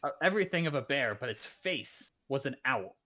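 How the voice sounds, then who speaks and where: A man playing a tabletop game, explaining in a rambling, excitable way. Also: mid-range voice, fairly quick, a crowd in the background. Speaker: player. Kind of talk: casual chat.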